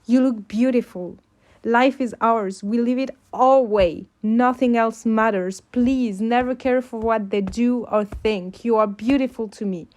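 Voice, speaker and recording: A woman voicing a gentle, doting young man who reassures his girlfriend softly and affectionately in an audio fanfic. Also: on the high side, a little slow, natural voice. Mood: tender.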